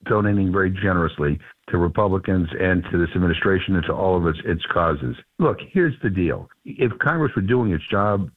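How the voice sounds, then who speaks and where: A congressman as a radio guest, talking earnestly and emphatically with many restarts, heard over the phone. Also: sits low. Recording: tinny phone line.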